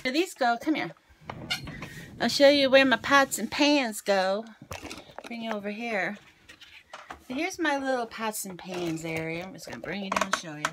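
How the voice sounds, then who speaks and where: Pointing her handheld camera around as she talks, a middle-aged woman with a slight Southern accent gives a casual tour of her kitchen for her vlog, full of ums. Her mid-range voice is animated and a bit bright, at normal speed with frequent pauses, and there's a little hiss or hum.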